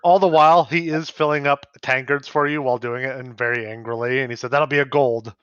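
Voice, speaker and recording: A man narrating as game master in a tabletop game, in a loose, halting way and laughing often. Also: mid-range voice, level tone, fairly bright tone, smooth, dry recording, muffled recording.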